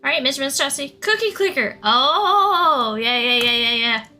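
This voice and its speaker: A woman's voice: sits high, expressive, normal speed, bright, forceful tone, soft background music. A young woman chatting casually on a live stream, giggling often and thanking her viewers one by one. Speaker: livestreamer.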